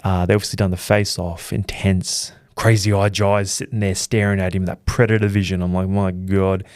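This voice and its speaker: A young Australian man hosting a boxing channel, rambling through an excitable, self-deprecating recap of fight week. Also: deep voice, normal speed, smooth, dry recording, studio quality. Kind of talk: casual storytelling recap.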